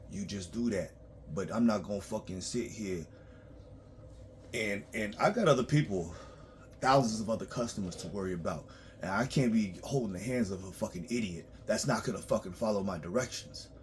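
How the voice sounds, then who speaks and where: A man working as a tax preparer, ranting bluntly and profanely in a monologue, swinging between loud outbursts and low muttering. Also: breathy edge.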